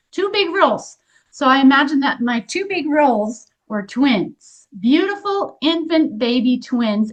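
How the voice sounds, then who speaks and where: Earnest woman in her fifties, lo-fi. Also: fairly high pitch. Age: 50s. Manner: gentle, earnest guiding with frequent restarts. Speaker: energy healing workshop leader. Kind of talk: guided group workshop. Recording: dull lo-fi recording.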